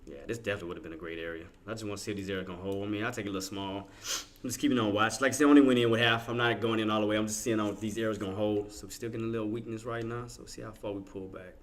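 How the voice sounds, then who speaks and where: A man's voice: fairly low pitch, fairly even intonation, racing. A man streaming his live trades, thinking aloud in casual slangy talk and chatting with his viewers. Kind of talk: live trading commentary.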